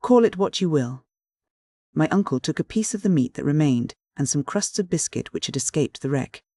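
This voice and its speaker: A man's voice: on the high side, brisk, no room sound. Dry, close male audiobook narrator. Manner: steady, clear first-person storytelling. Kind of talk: scripted narration of a classic novel.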